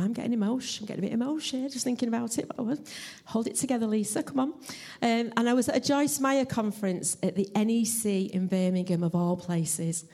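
A woman preaching a church sermon in an earnest, heartfelt, measured way and sharing her own testimony. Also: medium pitch, warm tone. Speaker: lay preacher. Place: church service.

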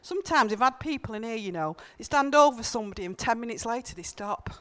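Woman preacher, smooth clear tone, chatty earnest sermon in church, leans on repetition. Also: a little high, lively intonation, quick pace, a bit bright. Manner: earnest, conversational, emphatic repetitions. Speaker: church speaker. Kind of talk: informal sermon with personal stories.

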